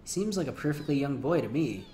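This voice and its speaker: A man's voice: fairly high pitch, animated, fast, mellow, slight background noise, lightly acted. Bumbling henchman, fussy and overly polite, voiced by a man reading a game aloud. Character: bumbling male henchman soldier.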